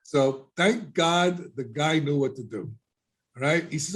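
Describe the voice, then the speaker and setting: A man's voice: fairly high pitch, unhurried, fairly bright tone. A middle-aged man telling his life story as a podcast guest, casually and animatedly, acting out the voices of people he quotes.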